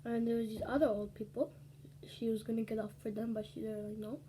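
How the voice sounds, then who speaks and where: A woman's voice: on the high side, level tone, fairly quick, mellow, a little hiss or hum. Chatty woman telling a story while eating. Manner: chatty, rambling retelling with whispered asides. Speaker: ASMR vlogger. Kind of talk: casual eating ASMR storytelling.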